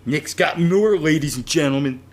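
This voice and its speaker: A man's voice: fairly high pitch, normal speed. A man co-hosting a casual podcast, tossing in wisecracks and mock news announcements. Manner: wisecracking, newsy interjections. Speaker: podcast co-host.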